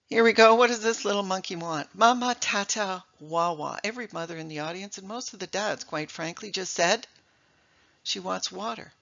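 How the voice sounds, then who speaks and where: A woman's voice: mid-range voice, fairly quick, vocal fry, fairly bright tone, highs cut off. A middle-aged woman presenting a talk to an audience, emphatic and full of rhetorical questions. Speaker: speaker giving a talk on English.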